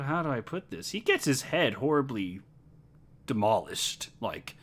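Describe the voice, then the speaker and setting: A man telling friends about a movie in casual chat, animated and quick to laugh, rambling and restarting his sentences. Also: medium pitch. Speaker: host recapping a movie to friends.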